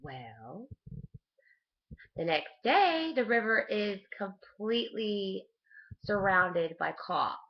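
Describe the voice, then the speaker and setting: A woman's voice: medium pitch, very animated, slow, long pauses, lo-fi sound. A woman telling a rambling family story to her webcam, casual and chatty, with frequent restarts and laughs. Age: adult with a young son. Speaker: vlogger.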